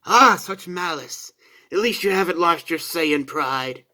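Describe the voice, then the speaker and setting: A man's voice: fairly high pitch, expressive, a little slow, pushed and bright, heavily acted. Raditz, a man doing a boastful alien warrior brother. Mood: sneering. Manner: boastful, condescending, theatrical. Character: arrogant male alien warrior, proud elder brother.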